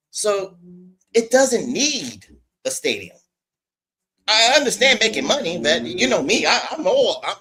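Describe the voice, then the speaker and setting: A man's voice: a little high, fairly bright tone, slightly rough. A man co-hosting a casual wrestling podcast, ranting with laughter and swearing, then jokingly apologizing. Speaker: podcast co-host. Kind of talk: casual chat.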